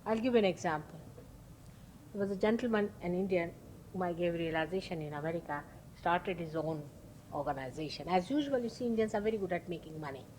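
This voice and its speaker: A woman's voice: fairly low pitch, brisk, darkish tone, slight background noise, low-quality recording. A woman, a spiritual teacher, giving an informal talk, telling a story emphatically and acting out the voices of the people in it. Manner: storytelling, acts out quoted dialogue; emphatic, repeats key words.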